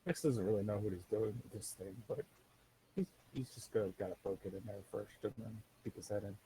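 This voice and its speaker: A man's voice: fairly low pitch, fairly quick, dark tone, a little hiss or hum, rough recording. A man playing a tabletop game, casually describing his character's moves. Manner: casual, hesitant. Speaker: player.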